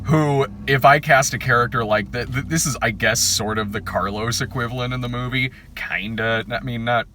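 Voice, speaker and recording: A man's voice: mid-range voice, normal speed, hardly any pauses, noisy background. A man co-hosting a movie review podcast, joking crudely in casual chat. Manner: animated, crude, jokey, many fillers. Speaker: podcast co-host, film reviewer.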